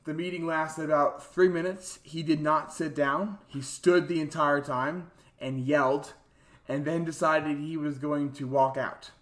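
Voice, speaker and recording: A young man co-hosts a casual political chat in a slightly high voice. He talks in a loose, chatty way, laughs easily and slips into mocking asides. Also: steady tone, measured pace, fairly bright tone. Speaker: podcast co-host.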